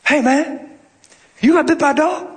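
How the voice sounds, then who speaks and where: A man voicing a Southern maintenance worker who talks fast, high and earnest, with a Southern accent. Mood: surprised.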